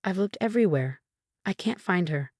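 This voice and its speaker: A woman's voice: lowish voice, animated, normal speed, no room sound, clean studio sound. Urgent protective friend, read by a woman. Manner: urgent, sharp.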